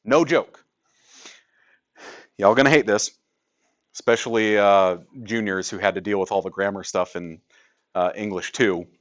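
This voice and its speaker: A man's voice: fairly low pitch, steady tone, measured pace, long pauses. A male math teacher teaching a class in a classroom, joking with students and asking rhetorical questions.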